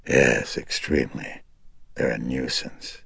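Man voicing a sardonic demon inside a girl: deep, thick, croaking, mocking, husky and dry. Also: fairly even intonation, slow pace, fairly bright tone, no room sound, full character voice. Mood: gloating menace. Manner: sardonic, mocking, partly whispered. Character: demon possessing a young girl, gloating, sly, menacing.

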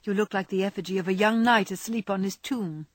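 A woman's voice: medium pitch, a little fast, no room sound, lightly acted. A woman voicing an earnest young woman who lectures her friend, in a storybook reading. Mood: lecturing.

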